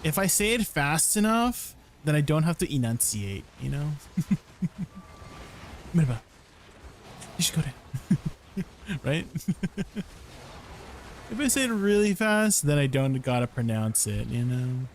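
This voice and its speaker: A man's voice: on the high side, big pitch swings, normal speed, hardly any pauses, slight background noise. A man chatting casually while streaming a game, laughing often and trying out foreign words. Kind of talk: casual game livestream chat.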